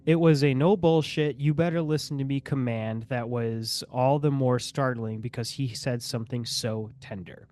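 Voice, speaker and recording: A man's voice: medium pitch, moderate pace, few pauses, a little mellow. A young man co-hosting a podcast, reading a case article aloud and breaking off to mock the writing. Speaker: podcast co-host.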